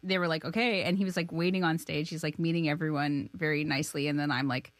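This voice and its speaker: A woman in her thirties from Canada chats as an interview guest, quick to laugh at herself. Her voice sits on the low side, and the studio sound is dry and close. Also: fairly even intonation, no echo. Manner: chatty and self-deprecating, laughs often. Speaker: filmmaker guest. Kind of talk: casual interview chat.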